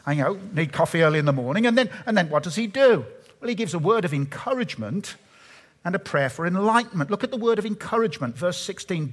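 A man preaching a sermon, telling stories animatedly and dropping to a hush at times. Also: high-pitched, fairly quick, slightly rough. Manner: animated storytelling, shifts from hushed to loud. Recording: long reverb of a large hall.

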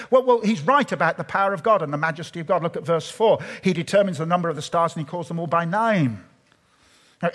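Husky-voiced preacher in a hall. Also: male voice, fairly high pitch. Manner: animated storytelling, shifts from hushed to loud. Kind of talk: sermon. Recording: long reverb of a large hall.

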